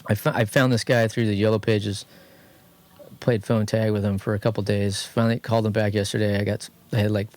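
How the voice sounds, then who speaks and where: A man with a Californian accent co-hosting a podcast, telling a long garage story in a rambling, animated way. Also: on the low side, brisk, no echo. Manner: rambling, animated anecdote telling, quotes others in lively voices. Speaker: podcast co-host. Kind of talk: casual garage chat, storytelling. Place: home studio.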